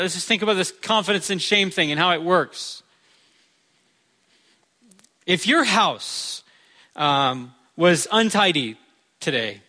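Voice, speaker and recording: A man's voice: high voice, sharp tone. A male pastor preaching a sermon in a conversational way, with touches of humor.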